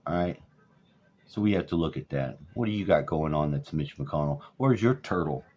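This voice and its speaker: A man's voice: a bass voice, animated, moderate pace, darkish tone. Profane rambling man, lo-fi. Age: over 40. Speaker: vlogger. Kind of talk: profane political rant. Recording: dull lo-fi audio.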